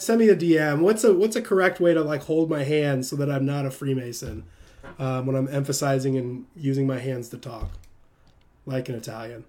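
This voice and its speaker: A man's voice: a little high, normal speed. A young man hosting a livestream, preaching in a casual, emphatic rant and often breaking into self-mocking laughter. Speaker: livestream host.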